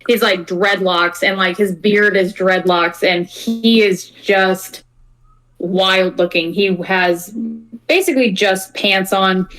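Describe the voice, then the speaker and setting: Woman game master, slow unhurried narration, chatty, rambling, lots of fillers. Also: medium pitch, a bit bright, poor audio.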